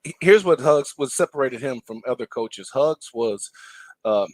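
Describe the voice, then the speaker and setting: In a dry recording, a man of medium pitch speaks at a moderate pace. He's a former player and broadcaster appearing as a guest, telling basketball stories in easygoing podcast chat and dramatically acting out the quotes.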